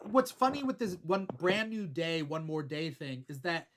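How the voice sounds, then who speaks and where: A man's voice: fairly high pitch, moderate pace, noisy background. A man chatting casually on a comics podcast panel, full of fillers and jokes. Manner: filler-heavy, animated, jokey. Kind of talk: casual chat.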